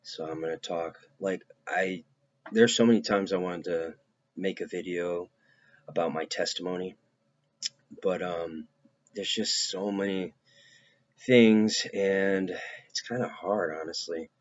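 A man giving an informal devotional talk, casual and halting, with many fillers. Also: deep voice, fairly even intonation. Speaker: preacher. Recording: dull lo-fi recording.

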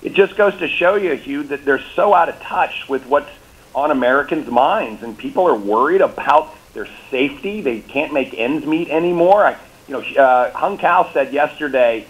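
In this remote or phone political interview on talk radio, a governor guest talks at a normal speed in a fairly high, expressive voice, with dull audio. Confident and upbeat, he repeats words whenever he restarts a talking point.

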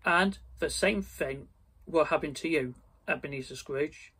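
Storybook ghost: a grave old male spirit, as a man reads him, husky and solemn. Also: fairly high pitch, a little slow, bright, forceful tone, heavily acted.

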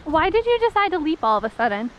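A woman's voice: sits high, big pitch swings, fast talker, muffled recording, slight background noise. A young woman vlogging casually while riding a horse on an outdoor trail, chatty and giggly, teasing her horse, recorded on an action camera. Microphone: helmet or body-mounted action camera.

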